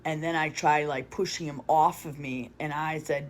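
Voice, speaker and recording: Woman, confessional vlogger; flat, even delivery, rambling and blunt. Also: sits low, normal speed, a little hiss or hum. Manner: rambling with many restarts and fillers; blunt, swears casually. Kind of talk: confessional storytelling.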